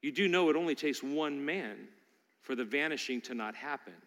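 A man preaching a sermon, emphatic and swinging from loud declarations to hushed appeals. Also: medium pitch, lively intonation, normal speed, long reverb tail.

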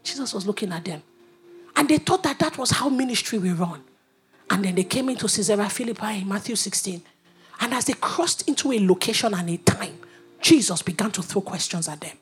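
A woman preaching a sermon, animated and humorous, dropping to whispers and rising to shouts. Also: mid-range voice, brisk.

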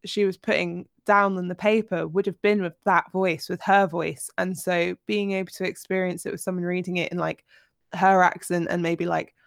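A woman's voice: fairly low pitch, creaky, no room sound, clean studio sound. A woman in her twenties co-hosting a podcast, chatting casually about books with frequent fillers and restarts. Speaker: podcast co-host. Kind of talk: casual book-club chat.

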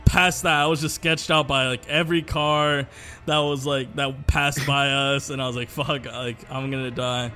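A man's voice: a little high, level tone, moderate pace, bright, forceful tone, soft background music. A young man co-hosting a podcast, telling a long story in casual chat, rambling with lots of fillers and swearing. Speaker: podcast co-host.

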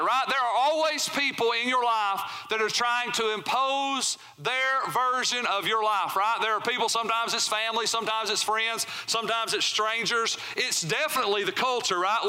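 A man's voice: very high voice, bright, forceful tone. A male pastor preaching a sermon in church, talking conversationally and often asking the congregation "right?". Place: church sanctuary.

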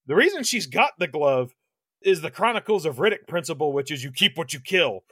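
A man's voice: fairly high pitch, big pitch swings, brisk, a bit bright, slightly rough, no room sound. A man co-hosting a podcast, chatting casually about a horror movie, rambling with lots of restarts and swearing. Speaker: podcast co-host. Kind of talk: casual movie review chat.

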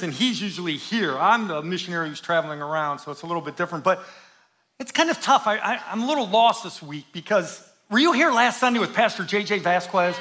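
A middle-aged man preaching a sermon in church as a guest pastor, lively and joking, then hushed and slow in prayer. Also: sits high, a little hiss or hum. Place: church in front of a congregation.

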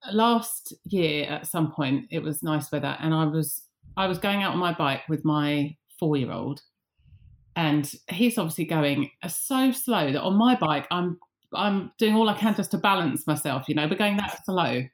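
A woman's voice: low-pitched, expressive, normal speed. A woman in casual podcast chat, telling an anecdote and acting out the dialogue. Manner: chatty storyteller, acts out dialogue.

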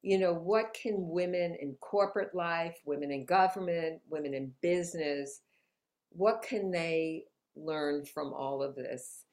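Slow-spoken upbeat motivational woman. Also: deep voice, a little mellow. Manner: upbeat, motivational, laughs often. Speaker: guest, author. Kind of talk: conversational interview. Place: New York City.

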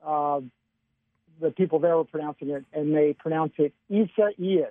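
A man's voice: fairly high pitch, moderate pace, no room sound. Chatty male forecaster on a tinny phone line. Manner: chatty, relaxed, chuckles often. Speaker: weather forecaster. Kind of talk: casual radio weather chat.

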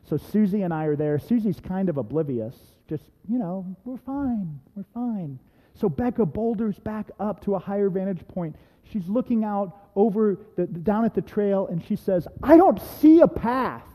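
A man preaching in a church, leading into his point through a chatty personal anecdote full of little asides. His voice sits high but has a mellow, soft-edged tone. The sound carries a long reverb tail from the sanctuary. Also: moderate pace, hardly any pauses. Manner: lively anecdotal, conversational asides. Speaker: pastor. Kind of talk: storytelling sermon.

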